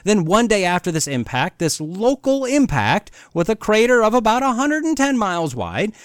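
A man hosting a podcast, reading from an article and mocking it with heavy sarcasm. His slightly high voice rises and falls widely as he goes. The sound is close and dry, with no room echo. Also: smooth. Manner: sarcastic, mocking, reads quotes aloud. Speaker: podcast host.

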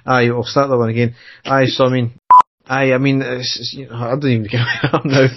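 A man's voice: medium pitch, flat delivery, brisk. Scottish man, casual podcast banter, jokey, laughs a lot, muffled lo-fi sound. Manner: jokey, laughs often, restarts lines. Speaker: podcast co-host. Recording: dull lo-fi audio with faint noise.

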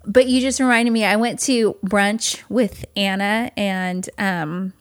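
A woman's voice: mid-range voice, fairly even intonation, slow pace. A woman co-hosting a podcast in casual chat, laughing often and reacting with short quips. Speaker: podcast co-host.

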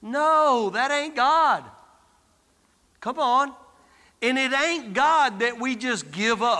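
A man's voice: very high voice, lively intonation, takes it slowly, bright, forceful tone, in a large hall. A man preaching a sermon as a guest preacher, exhorting and calling out to the congregation. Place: church sanctuary.

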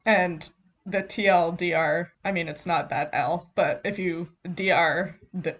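A woman's voice: lowish voice, fairly even intonation, unhurried, muffled recording. A woman co-hosting a podcast, recapping a story in casual chat with wry asides. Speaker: podcast co-host.

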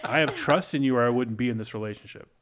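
A man's voice: mid-range voice, fast, fairly bright tone. A man co-hosting a casual chat, talking frankly and loosely, full of "like" and "you know". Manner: laid-back, frank, lots of "like" and "you know".

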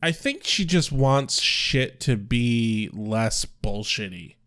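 A man's voice: medium pitch, expressive, slow, fairly bright tone, clean tone. A man co-hosting a casual recap chat, dry and explanatory, swearing casually. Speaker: podcast co-host.

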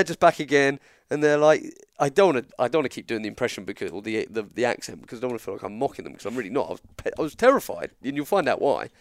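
Animated English man telling a story. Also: medium pitch, dry recording, studio quality. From England. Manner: animated, acts out dialogue in quotes. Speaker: guest storyteller. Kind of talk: casual storytelling chat.

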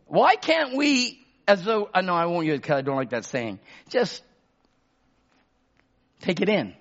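A preacher with a fairly high, lively voice that rises from low murmurs to shouted emphasis. He calls to the congregation for amens as he goes. The recording sounds dull and muffled. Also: moderate pace. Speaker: pastor. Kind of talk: sermon.

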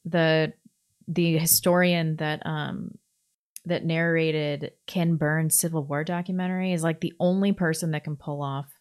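Deep-voiced blunt woman co-host. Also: fairly even intonation, unhurried, smooth. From Missouri. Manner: blunt and opinionated. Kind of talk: casual chat.

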